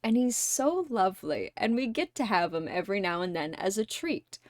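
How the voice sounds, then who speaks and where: A woman hosting a casual livestream chat with viewers. She laughs constantly, swears freely and gushes like an excited fan. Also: medium pitch, moderate pace, no room sound, studio quality. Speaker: streamer host.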